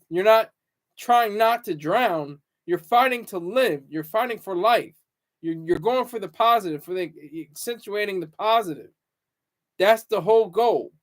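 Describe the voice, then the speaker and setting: A man with a notably high voice for his sex holds a solo talk-show monologue. He talks in a halting, wandering way, often restarting words and leaning on fillers, with an earnest, reflective tone. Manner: halting and rambling, repeats words, many fillers. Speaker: show host.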